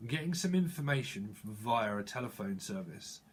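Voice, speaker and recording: A man's voice: fairly low pitch, animated, moderate pace, breathy edge. A man giving a tarot reading, free-associating through wordplay and chuckling as he goes. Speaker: tarot reader.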